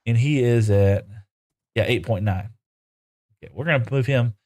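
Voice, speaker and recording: A man's voice: medium pitch, normal speed, darkish tone. Chatty man streaming a game. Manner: chatty, talks to the animals in playful broken baby-talk; answers chat messages aloud while playing. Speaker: live streamer. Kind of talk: casual gameplay live stream.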